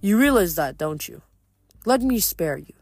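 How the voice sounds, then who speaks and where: Brief: a smooth-talking, menacing giant hunter, male, voiced by the reader, from an audiobook. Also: mid-range voice, lively intonation, moderate pace, a little mellow, no echo. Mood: smooth menace.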